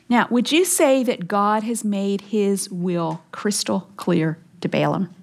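A woman delivering a Bible teaching, emphatic and earnest, sometimes dropping to a hushed whisper for weight. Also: medium pitch.

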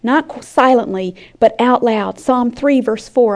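A woman giving an earnest sermon-style Bible teaching, often dropping her voice to a soft whisper for emphasis. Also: fairly high pitch, a little slow. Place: conference room with an audience.

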